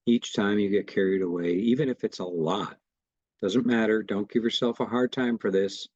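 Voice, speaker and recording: Man, meditation teacher, gentle and reassuring, lowish voice, unhurried, muffled lo-fi sound. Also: dry recording. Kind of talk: guided meditation instruction.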